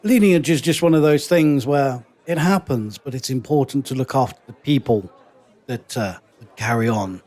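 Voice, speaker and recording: A man playing a tabletop game in character, brisk and sardonic with a pompous air. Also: mid-range voice, darkish tone. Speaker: player.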